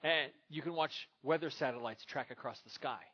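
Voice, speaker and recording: A pastor from Minnesota preaching a sermon, moving from relaxed storytelling into emphatic scripture reading. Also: male voice, medium pitch, normal speed, highs cut off.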